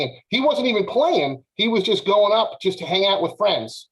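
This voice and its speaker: A man on a podcast panel telling a casual, animated story with lots of filler words. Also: high-pitched, normal speed, poor audio.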